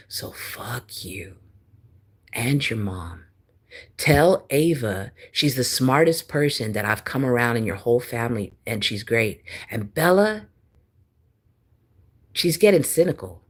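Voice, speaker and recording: A woman, ranting profanely and taunting someone on a livestream, swinging between loud and soft. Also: low-pitched. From Texas. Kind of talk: angry livestream rant.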